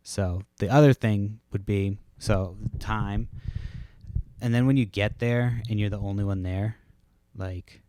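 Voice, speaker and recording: Podcast host, male, low voice, dry close sound, rambling and profane, casual at-home delivery. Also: steady tone, a little slow, mellow, no echo. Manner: rambling, profane, laid-back storytelling.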